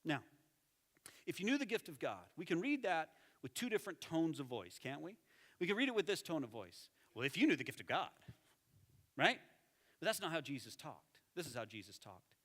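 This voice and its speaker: Man, pastor, animated sermon, fairly high voice, long church reverb. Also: fairly quick. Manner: animated preaching, drops to soft intense tones for emphasis. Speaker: lead pastor. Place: church sanctuary.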